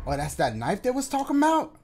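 A young man giving excitable, loud running commentary while playing a video game, swearing freely. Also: extremely high pitch, fast, background noise. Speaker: gaming let's-play host. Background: game music.

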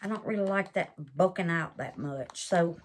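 A woman's voice: on the low side, moderate pace, slight background noise. A woman chats through a resin craft demo, exclaiming and calling her viewers babies. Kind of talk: casual craft demo chat.

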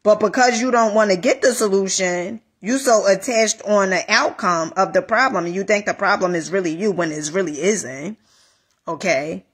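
A woman life coach giving a casual motivational talk, animated, repeating phrases and calling listeners honey. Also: mid-range voice, moderate pace, slightly rough.

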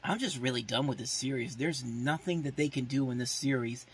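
A male podcast host with a husky, mid-range voice talks fairly quickly through a casual, rambling movie preview. "Like" fillers and restarts pile up as he voices open opinions and exasperation about the films.

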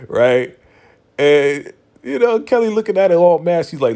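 A man's voice: fairly high pitch, big pitch swings, a little slow, pauses often, warm tone. A man casually recapping a TV episode, animatedly retelling scenes, acting out the characters' lines and laughing often, with loose slangy speech full of "you know" and "right.". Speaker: TV recap vlogger.

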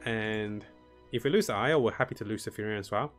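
A man's voice: on the low side, quick pace, fairly bright tone, soft background music. A man streaming a strategy game, thinking his moves aloud, greeting viewers and chuckling often. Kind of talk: live gameplay commentary.

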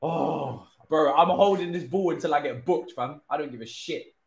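A young man giving live commentary on his own football video game match, excitable, pleading and swearing often. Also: a little high, moderate pace, vocal fry. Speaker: gaming streamer. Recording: roomy echo.

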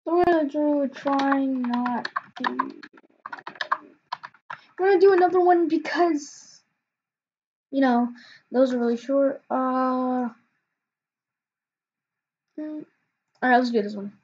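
A woman's voice: high-pitched, takes it slowly, long pauses, darkish tone, lo-fi sound, a little hiss or hum. A woman hosting a casual reaction video, rambling with hesitant fillers and restarts.

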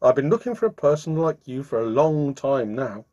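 A man's voice: mid-range voice, big pitch swings, dark tone. Man doing a hearty Santa Claus. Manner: hearty and brisk. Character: merry, kindly old Santa Claus, brisk.

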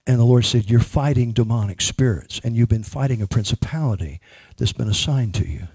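A man ministering as a prophet prays emphatically over a woman in church. His medium-pitched voice is brisk, warm and husky, captured in a dry recording.

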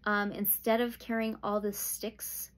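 A woman giving a pick-a-pile tarot reading, slow and soothing, with sudden excited outbursts. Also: medium pitch. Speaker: tarot reader.

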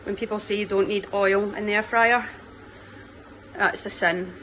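A woman's voice: mid-range voice, fairly even intonation, measured pace, sharp tone, slight background noise. Chatty Scottish woman vlogging. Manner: chatty, self-mocking, upbeat; whispering early in the morning. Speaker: professional footballer vlogging her day. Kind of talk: casual vlog. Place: home and training ground, indoors.

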